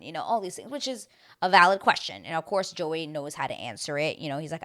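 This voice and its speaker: A woman's voice: deep voice, very animated, fast, a bit bright. A young woman chatting casually as she recaps a reality TV episode, rambling with lots of fillers.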